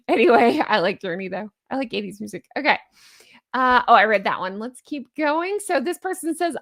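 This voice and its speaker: A middle-aged woman hosting a casual chat, reading online posts aloud and reacting with sarcastic asides and animated remarks. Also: a little high, moderate pace. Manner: chatty, animated, sarcastic asides and little sung bits.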